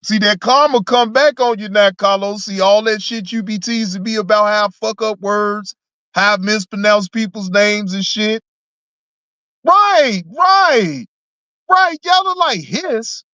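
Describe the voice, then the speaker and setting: A reaction channel host in casual commentary, laughing often, teasing chat viewers and repeating words in excited bursts. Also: mid-range voice, a little slow, no room sound, lo-fi sound.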